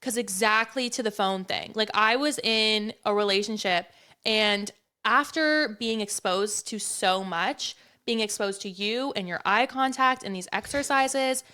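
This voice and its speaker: A woman hosting a podcast, candid and chatty, with casual swearing in relaxed conversation. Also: medium pitch, a little slow, clean tone. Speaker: podcast host.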